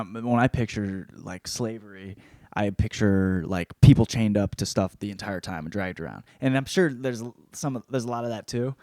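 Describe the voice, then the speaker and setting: A man hosting a podcast, rambling through a casual book review with constant swearing and animated storytelling. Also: lowish voice, no room sound, studio quality. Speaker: podcast host.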